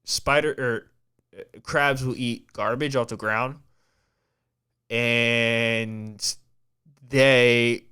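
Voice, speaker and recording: A man's voice: medium pitch, fairly even intonation, very slow, long pauses, sharp tone, clear, resonant tone. A man hosting a podcast, talking in a casual, rambling way with a heavy stutter and frequent restarts. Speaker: podcast host.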